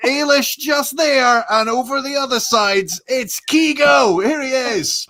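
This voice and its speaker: An Irish man hosting a comedy show over a video call, excitable and self-mocking, swearing freely. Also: very high-pitched, a little slow, very noisy. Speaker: comedy podcast host. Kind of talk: casual comedic chat.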